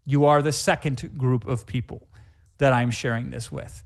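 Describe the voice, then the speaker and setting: Hyped-up man pitching on a webinar. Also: steady tone, normal speed, gravelly. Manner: emphatic, hype-driven, repetitive listing. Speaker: webinar presenter and sales trainer. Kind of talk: live webinar sales pitch.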